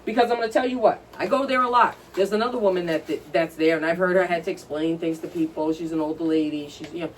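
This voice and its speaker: A woman's voice: lowish voice, fast talker, hardly any pauses, a little hiss or hum. A woman co-hosting a podcast, telling stories in a blunt, profane, ranting casual chat. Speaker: podcast co-host. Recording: distant from the mic.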